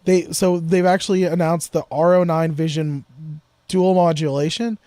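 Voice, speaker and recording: A man co-hosting a casual podcast, talking in a rambling way full of asides and restarts. His voice sits a little higher than most men's and has a soft, mellow tone. The sound is dry, with no room echo. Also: fairly even intonation, moderate pace. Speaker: podcast co-host. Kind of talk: casual gear-talk chat.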